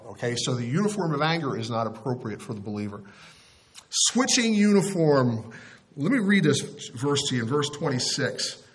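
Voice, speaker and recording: A middle-aged male pastor preaching a conversational sermon, with casual asides and questions to the congregation. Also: mid-range voice.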